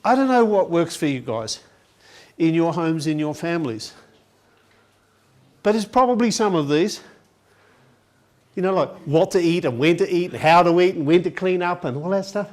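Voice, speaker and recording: A man's voice: on the high side, lively intonation, moderate pace, pauses often, a little mellow. A man giving an educational talk to an audience in a conference hall, telling family stories and acting out the dialogue. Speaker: education presenter.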